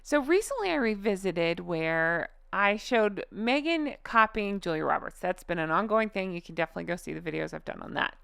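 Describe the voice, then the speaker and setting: Woman, chatty reaction host, smooth clear voice, dry close sound, amused. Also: mid-range voice, lively intonation, brisk, hardly any pauses, fairly bright tone, no echo. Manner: chatty, amused, frequently laughing; reads out online posts aloud. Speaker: commentary channel host. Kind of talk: casual reaction commentary.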